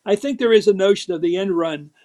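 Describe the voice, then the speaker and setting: A man's voice: sits high, quick pace, a little mellow. An older man from Philadelphia with a Philadelphia accent, a guest in an interview, talking emphatically and telling stories, acting out the quotes he tells. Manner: emphatic, storytelling, acts out quotes. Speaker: guest, former TV political host. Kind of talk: animated interview talk.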